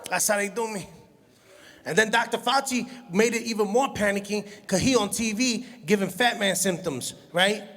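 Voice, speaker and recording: A stand-up comedian, telling animated stories and laughing at his own jokes. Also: high voice, moderate pace. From Brooklyn, New York. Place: comedy stage in a hall. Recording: long hall reverb from a live venue.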